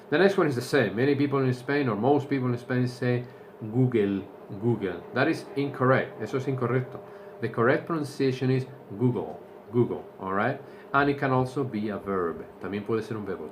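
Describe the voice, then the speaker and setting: A man teaching English to Spanish speakers, explaining slowly and repeating each point in Spanish. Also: mid-range voice, slight background noise. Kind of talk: bilingual language lesson.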